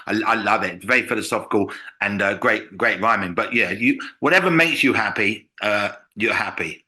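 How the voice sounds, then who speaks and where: An English man talks comedy on a podcast, and the words come out fast. His tone is bright and forward. He is an animated storyteller who breaks into short impressions as he quotes people. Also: lowish voice. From England. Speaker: comedian guest. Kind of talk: casual podcast conversation.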